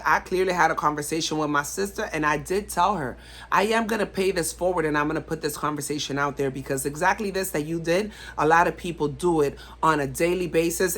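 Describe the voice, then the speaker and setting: A woman's voice: lowish voice, a bit bright. A woman vlogger talking straight to camera in a blunt, emphatic way, often repeating herself for stress. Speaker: vlogger giving life advice. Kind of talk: casual talk to camera.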